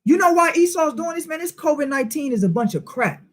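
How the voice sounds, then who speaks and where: A man's voice: very high voice, lively intonation, fast talker. A man teaching a Bible study in informal preaching style, emphatic and full of rhetorical questions and street slang.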